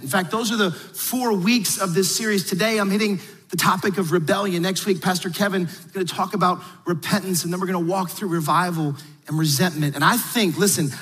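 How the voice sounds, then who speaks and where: A man's voice: sits high, fairly bright tone, big-room sound. A man preaching as pastor in confident teaching mode, speaking both to the room and to people watching online. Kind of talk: sermon.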